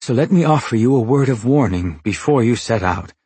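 A man's voice: mid-range voice, lively intonation, fairly quick, dark tone, breathy edge, dry recording. A man voicing a timid male metaphor creature who speaks formally and deferentially, pleading and warning in an audiobook. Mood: cautioning. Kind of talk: audiobook character voice.

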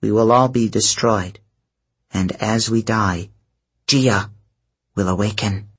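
A man's voice: fairly low pitch, a bit bright, husky, heavily acted. A man voicing an imperious, commanding goddess who speaks in a clipped, grumbling way. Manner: clipped, grumbling, slow and stern. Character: haughty imperious goddess, woman, old and commanding.

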